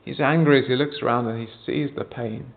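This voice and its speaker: A man's voice: medium pitch, fairly even intonation, fairly quick, creaky. A man preaching a sermon, earnest, often turning to the congregation with rhetorical questions. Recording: tinny phone-like sound.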